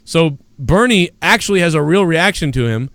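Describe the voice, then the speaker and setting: A man hosting a live talk stream, loud and excitable, swearing constantly and mocking people. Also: on the high side, moderate pace, dry recording. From United States. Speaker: show host. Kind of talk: casual profane live-stream commentary.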